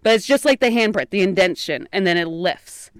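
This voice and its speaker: A young woman telling a ghost story in casual chat, rambling and animated with lots of fillers, recorded in a small closet. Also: mid-range voice, brisk, no echo, studio quality.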